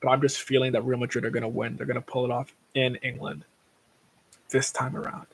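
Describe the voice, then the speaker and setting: A man's voice: medium pitch, level tone, brisk. A young man hosting a casual livestream, rambling through tangents about sports bets and swearing freely. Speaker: livestream host.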